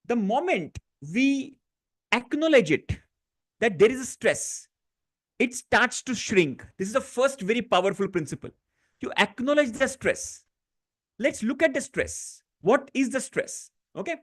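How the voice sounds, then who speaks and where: A man guiding a live online stress-relief session, speaking gently with many fillers and restarts. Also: very high-pitched, big pitch swings, a little slow. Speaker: stress-relief workshop facilitator. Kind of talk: guided tapping session on a live online class.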